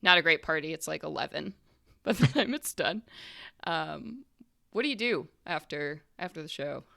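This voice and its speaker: Woman running a tabletop game, low voice with a lot of fry, rambly with tons of ums. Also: lively intonation, normal speed, a bit bright. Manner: loose and rambling, full of fillers. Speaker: game master.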